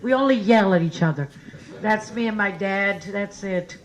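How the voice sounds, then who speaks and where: A woman with an Italian accent hosting a comedy night, joking loosely and then hyping up the next act with shouts. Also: medium pitch, normal speed, slight background noise, rough recording. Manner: loud, jokey, shouting crowd hype. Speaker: comedy show host. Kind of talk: stand-up banter and introduction. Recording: live comedy room with crowd.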